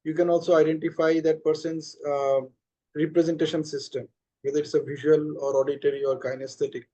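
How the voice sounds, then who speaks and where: Fast-talking male life coach. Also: on the high side, little pitch movement, dark tone, lo-fi sound. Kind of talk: casual online group call.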